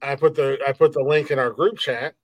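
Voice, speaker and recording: A man's voice: on the high side, steady tone, a little fast, no echo. Angry ranting podcast host, man. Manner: heated, profane, repetitive, frustrated. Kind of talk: profane live-stream rant.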